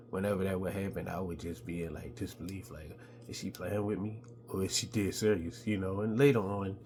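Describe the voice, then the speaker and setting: A middle-aged man telling stories from his childhood in a laid-back, casual way, with a high voice when he quotes other people. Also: a little mellow, a little hiss or hum. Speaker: podcast host telling stories. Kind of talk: casual storytelling.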